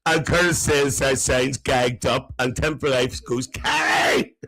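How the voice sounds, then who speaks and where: A man's voice: medium pitch, steady tone, measured pace, pushed and bright, soft background music, low-quality recording. A man playing a gossipy, cheeky older auntie who hosts a live comedy stream, chatting and teasing the viewers and laughing between lines.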